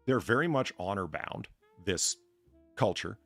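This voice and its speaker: A man's voice: on the low side, animated, measured pace, a bit bright, soft background music. A man hosting a livestream in casual chat, telling rambling stories with lots of swearing and jokes. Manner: profane, rambling, jokey storyteller. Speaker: stream host.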